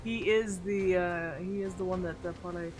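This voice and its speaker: A woman's voice: lowish voice, steady tone, normal speed, a loud crowd. A woman player in casual live-stream chat, playful and teasing, laughing often. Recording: noisy background.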